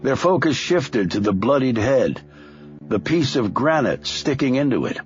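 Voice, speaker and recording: A man narrating a thriller audiobook in a measured, expressive storytelling manner with a husky voice. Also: medium pitch, dull audio, soft background music.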